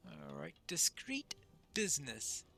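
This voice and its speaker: Player thinking aloud, unhurried, bright tone. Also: medium pitch, big pitch swings, gravelly. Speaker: game player. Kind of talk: let's-play commentary.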